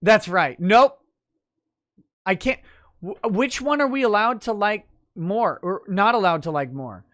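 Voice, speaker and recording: A man's voice: sits high, lively intonation, measured pace, a bit bright, no room sound. Man, podcast host, casual irreverent chat, dry close sound. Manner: joking, irreverent. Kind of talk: casual chat, reading chat messages.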